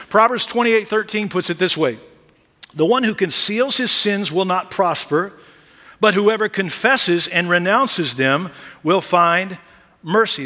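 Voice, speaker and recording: Forceful preaching man, echoing hall. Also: sits high. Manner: lively, conversational preaching with humorous asides. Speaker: pastor. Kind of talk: sermon. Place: large church sanctuary. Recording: long reverb of a large hall.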